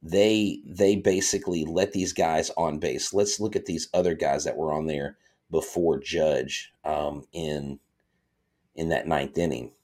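A man hosting a live sports podcast, chatting casually and reading viewer comments aloud in excitable fan banter. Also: very deep voice, unhurried. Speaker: podcast host.

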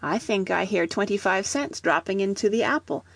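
A calm, patient storybook mother speaks gently and plainly, as a woman reads her. The voice is soft and breathy, close and dry. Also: medium pitch, normal speed, no room sound.

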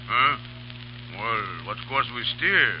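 An actor playing a loyal French pirate first mate who speaks broken English in a 1930s radio drama. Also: male voice, medium pitch, lively intonation, slow, music in the background, rough recording. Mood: eager.

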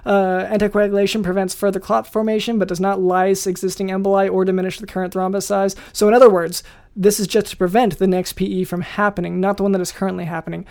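A man's voice: high voice, little pitch movement, fast, vocal fry, darkish tone. A man reading a medical lesson aloud in a podcast, stumbling over terms and restarting phrases.

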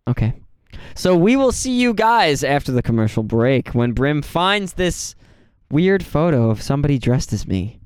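A man co-hosting a casual podcast, teasing the others with quick jokes and banter. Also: a little high, sing-song, smooth, no room sound, studio quality. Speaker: podcast co-host. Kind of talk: casual chat.

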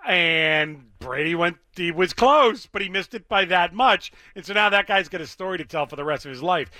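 A man's voice: high voice, normal speed, pushed and bright, no room sound, studio quality. A man hosting a talk radio show, telling a story in a chatty way and addressing his co-host. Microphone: studio microphone.

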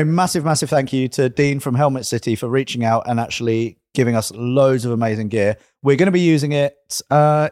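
A man from England chats casually on a podcast, telling a story in a winding way and stopping to fix his own slips. His voice sits at an ordinary middle pitch. The sound is dry and close, with no room echo. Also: a little mellow. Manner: rambling, self-correcting storyteller. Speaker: podcast co-host. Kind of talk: casual chat.

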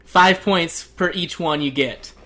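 A man's voice: on the high side, takes it slowly, sharp tone. A man hosting a casual podcast quiz game, laughing often and stammering when flustered. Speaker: podcast host.

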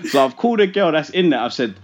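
A man's voice: fairly high pitch, very animated, quick pace. A man, co-hosting a podcast and telling stories in casual slang. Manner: storytelling with slang, laughs often. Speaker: podcast co-host. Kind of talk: casual chat.

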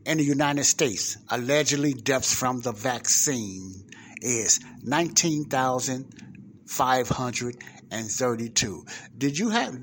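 A man's voice: medium pitch, a little hiss or hum. A man hosting a podcast, giving emphatic commentary and putting questions straight to the listener. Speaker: podcast host. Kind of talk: casual commentary on a played clip.

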